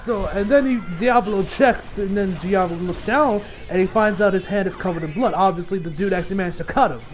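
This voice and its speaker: A man giving a casual, rambling episode recap as an anime reviewer, full of fillers and laughs. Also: high-pitched.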